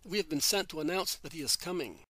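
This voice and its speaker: A man's voice: on the high side, quick pace, sharp tone, no echo. A man reading as a kind, devout apostle. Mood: earnest. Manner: kind, patient and explaining. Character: earnest male apostle, gentle and devout.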